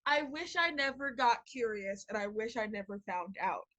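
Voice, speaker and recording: A young woman hosting a podcast in casual chat, animated, swearing and laughing as she tells a story. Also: on the high side, normal speed, rough recording. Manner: animated, laughing, swearing, heavy use of filler words. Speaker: podcast host.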